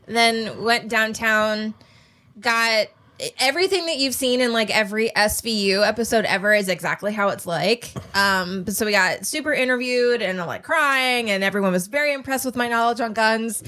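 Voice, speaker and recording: A woman's voice: mid-range voice, moderate pace, pushed and bright. A woman co-hosting a TV reaction video, telling a long personal story in a loose, chatty way, full of "like" and little laughs. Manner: chatty, filler-heavy, frequent "like". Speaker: co-host of a TV reaction channel.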